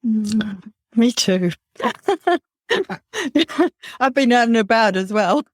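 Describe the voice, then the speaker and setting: A middle-aged woman hosting a podcast interview, speaking in a measured, reflective way. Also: medium pitch, no echo, clean studio sound. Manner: slow, measured, warm and reflective. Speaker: podcast host. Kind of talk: conversational interview.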